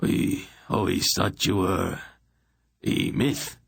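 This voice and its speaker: A man doing an excitable, whiny king. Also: low-pitched, takes it slowly, vocal fry, slightly rough, dry recording, studio quality, exaggerated voice. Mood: agitated. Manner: excitable, protesting. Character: excitable, plaintive male king.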